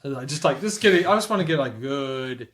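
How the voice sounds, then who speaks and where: A man's voice: mid-range voice, animated, moderate pace, fairly bright tone. Guy playing a tabletop rpg, medium voice, kinda hesitant, says like a lot. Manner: hesitant, many likes. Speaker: player. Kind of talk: casual tabletop play.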